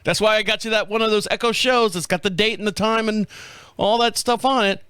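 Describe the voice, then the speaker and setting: A middle-aged man hosting his own show, telling a story in a casual, profane, animated way and laughing at himself. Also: high-pitched, brisk, clear, resonant tone, dry recording, studio quality. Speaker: podcast host. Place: home studio.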